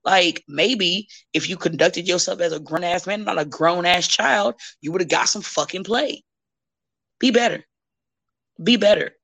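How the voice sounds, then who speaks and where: A woman in her thirties, a wrestler guesting on a podcast, chatting bluntly and profanely with animated storytelling. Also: fairly low pitch, unhurried, vocal fry. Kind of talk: casual chat.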